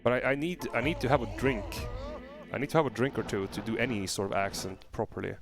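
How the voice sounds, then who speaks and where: Playing a video game on stream, a man chats easily with his viewers, answering their questions with relaxed filler pauses. His voice sits in the mid-range, and music plays underneath.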